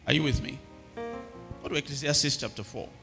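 A man's voice: medium pitch, fairly quick, in a large hall, over music. A middle-aged male pastor preaching a sermon and often asking the congregation if they are hearing him. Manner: preaching with repeated call-outs to the congregation.

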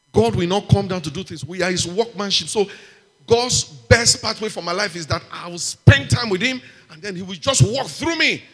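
High-voiced preacher in a reverberant hall. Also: male voice. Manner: animated preaching with shouted amens and hallelujahs. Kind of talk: sermon.

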